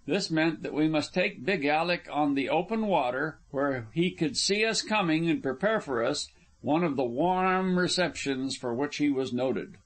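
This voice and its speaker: A man narrating an adventure audiobook in an even, measured reading. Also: a little high. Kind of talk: scripted narration.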